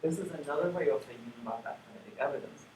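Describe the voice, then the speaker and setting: A man giving an academic conference lecture in a hall, speaking in a measured way with many fillers and restarts. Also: mid-range voice, darkish tone. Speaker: plenary lecturer. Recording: echoey hall from far off with noise.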